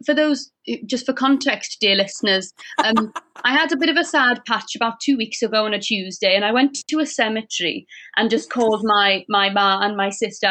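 A woman's voice: a little high, bright, forceful tone. A woman talking in a put-on Welsh accent, chatty and rambling in casual conversation. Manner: chatty, rambling, sing-song. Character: young woman telling her week in a mock Welsh lilt. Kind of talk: casual chat.

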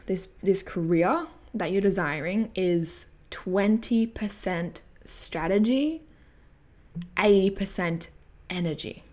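A young woman vlogger telling a story and giving coaching tips in a candid, casual way, swearing freely and laughing often. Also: fairly low pitch. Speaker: personal growth vlogger.

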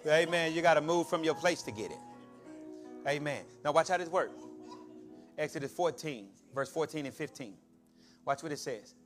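High-voiced preaching man, soft music behind. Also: animated, moderate pace, pauses often. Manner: call-and-response preaching, building to shouts. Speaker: pastor. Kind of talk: sermon.

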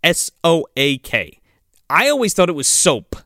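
A man's voice: fairly high pitch, measured pace, creaky, no room sound, studio quality. A man co-hosting a podcast in casual chat, swearing freely and acting out lines from the episode. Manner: animated, swearing, acts out lines from scenes. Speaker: podcast co-host.

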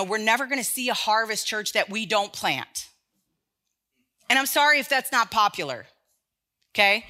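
A woman's voice: mid-range voice, bright, forceful tone. A woman preaching an earnest, conversational sermon to a congregation, often restarting her phrases. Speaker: speaker in a church sermon series.

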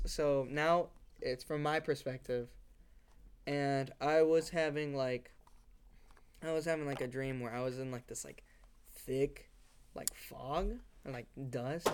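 A man's voice: a little high, measured pace, darkish tone, clean tone. A young man co-hosting a podcast, telling a story in casual chat with lots of fillers and restarts. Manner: rambling with many fillers, acts out sounds and voices. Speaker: podcast co-host.

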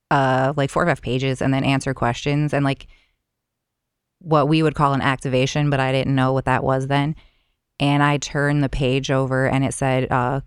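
A woman's voice: a bass voice, clean tone, no echo, clean studio sound. A woman guest on a podcast, telling a personal story in a chatty way, full of filler words. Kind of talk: casual storytelling.

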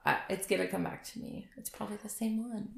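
A woman co-hosting a podcast, chatting casually, animated and quick to laugh, with self-deprecating asides. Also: medium pitch, creaky. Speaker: podcast co-host. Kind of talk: casual chat. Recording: echoey room.

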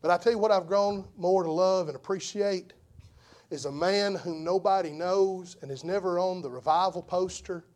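A man preaching an impassioned sermon as an evangelist, repeating phrases for emphasis and swinging from hushed tones to shouts. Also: high voice, moderate pace.

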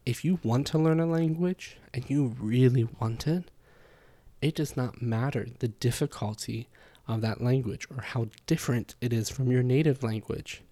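A man talks through his ideas on a solo podcast in a mellow, warm voice. He explains things casually and loosely, with plenty of fillers and little asides. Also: medium pitch, normal speed. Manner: chatty and explanatory, with frequent fillers. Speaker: podcast host. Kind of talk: casual spoken podcast monologue.

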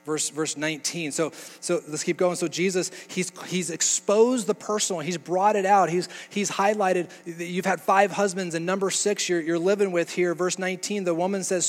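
A man preaching a sermon to his congregation, earnest and halting, often repeating himself and dropping to a hush. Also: sits high, steady tone. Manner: earnest, halting with restarts, softens to near-whispers. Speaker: pastor. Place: church sanctuary. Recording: long hall reverb with mains hum.

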